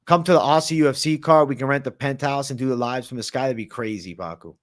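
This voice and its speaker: Brief: man, livestream host, relaxed slangy chatter, mid-pitched everyday voice. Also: fast talker. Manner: slangy, laid-back, chatty. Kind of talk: casual late-night livestream Q&A.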